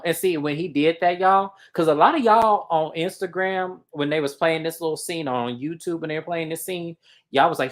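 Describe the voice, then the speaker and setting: Animated woman recapping reality TV. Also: moderate pace. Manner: animated, acts out quotes with big pitch jumps. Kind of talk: casual recap commentary.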